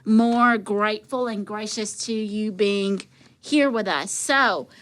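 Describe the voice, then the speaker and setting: A woman podcast co-host from Tennessee, chatting casually and gushing warmly in a rambling way, saying y'all. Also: medium pitch, takes it slowly. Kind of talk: casual chat.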